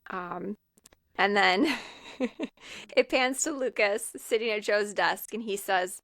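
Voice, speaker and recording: A woman's voice: medium pitch, takes it slowly, a bit bright, no room sound, studio quality. A woman co-hosting a podcast, casually recapping a film's plot scene by scene with frequent ums and fillers. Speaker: podcast co-host. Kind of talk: casual film recap chat.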